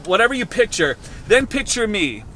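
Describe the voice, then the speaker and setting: A man's voice: high voice, very animated, moderate pace, pushed and bright, slight background noise. A man in his thirties vlogging casually to a handheld camera from his car, rambling and joking. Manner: rambling, playful, jokey.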